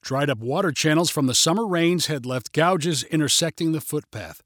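A man narrating a children's adventure story in a measured, even reading. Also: fairly high pitch, no room sound, studio quality.

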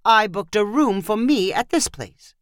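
A woman's voice: medium pitch, expressive, unhurried, dry recording, studio quality, voice pushed up, natural voice. Woman reading as a stubborn frazzled husband. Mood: determined. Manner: stubborn and clipped.

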